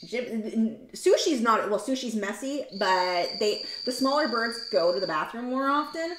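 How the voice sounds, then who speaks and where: While drawing in her home art studio, a livestream host casually rambles and reads out comments from viewers. She speaks a little slowly in an expressive, slightly high voice, with background noise and an echoey room.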